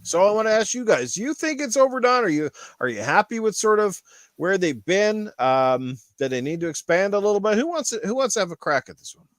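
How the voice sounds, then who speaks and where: A man's voice: high-pitched, very animated, fairly quick, no echo. A man hosting a casual gaming podcast, rambling through a topic with lots of fillers and restarts. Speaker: podcast host.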